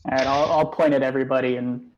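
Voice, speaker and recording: 느긋한 남자 플레이어. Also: male voice, medium pitch, steady tone, quick pace, highs cut off, a little hiss or hum. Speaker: player. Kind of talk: casual tabletop play.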